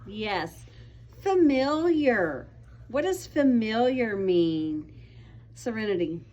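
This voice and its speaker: Slow, patient schoolteacher woman. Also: fairly high pitch, sing-song, darkish tone, highs cut off. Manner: patient, encouraging, calls on children by name. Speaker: teacher. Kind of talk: classroom vocabulary lesson. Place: classroom.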